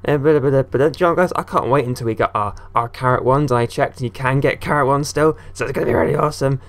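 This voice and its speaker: A gaming video creator rambles casually through a let's-play, often addressing the on-screen characters directly. His voice is medium in pitch, fast and creaky.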